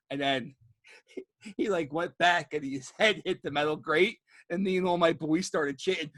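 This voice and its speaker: A loud, swearing man swaps wrestling stories. His voice is bright, forceful and a little high, and he acts out what people said with big bursts. The sound is dry and close, with no room around it. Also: normal speed, no echo. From Philadelphia area. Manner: rowdy storyteller, swears a lot, acts out quotes loudly. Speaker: podcast host. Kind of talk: casual chat.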